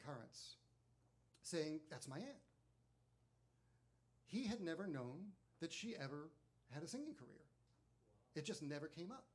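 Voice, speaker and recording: Male speaker at a listening event, slightly high voice, casual and animated. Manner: chatty, animated, frequent fillers. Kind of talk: storytelling talk to a live audience.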